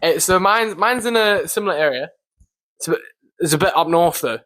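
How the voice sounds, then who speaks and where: A young man co-hosting a casual podcast, agreeable and joking, often answering with a quick yeah. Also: fairly high pitch, animated, a bit bright. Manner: agreeable, many short yeahs, joking. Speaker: podcast co-host. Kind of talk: casual chat.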